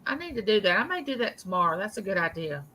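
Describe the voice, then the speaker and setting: A woman's voice: mid-range voice, very animated, quick pace, a loud crowd. A woman in her forties in a casual live-stream chat, chatty and easygoing. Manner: chatty, self-described gift of gab.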